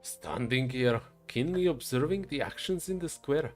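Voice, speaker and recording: A man voicing a suave male private detective with a put-on French accent, courtly and measured. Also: medium pitch, expressive, darkish tone, soft background music, natural voice.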